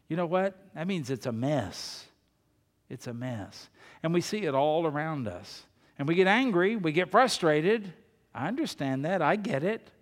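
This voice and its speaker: A man preaching a sermon as pastor, moving between emphatic rises and quiet conversational asides. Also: on the high side, long reverb tail.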